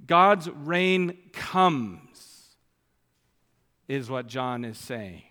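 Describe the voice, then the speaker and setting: A man preaching an expository sermon, emphatic and stressing key phrases by slowing down. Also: mid-range voice, lively intonation, bright, forceful tone, big-room sound.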